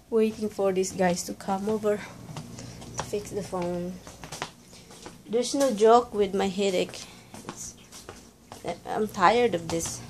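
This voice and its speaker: A woman's voice: medium pitch, a little mellow, slight background noise. A woman from the Philippines, chatting casually in a rambling, self-correcting way as she vlogs at home. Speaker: vlogger. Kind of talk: casual chat. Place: at home, indoors.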